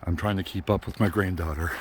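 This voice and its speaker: A man's voice: sits low, a little hiss or hum. An older man vlogging casually on an outdoor park trail, out of breath and panting between phrases. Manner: chatty, panting between phrases, apologetic, laughs often. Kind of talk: casual walking vlog.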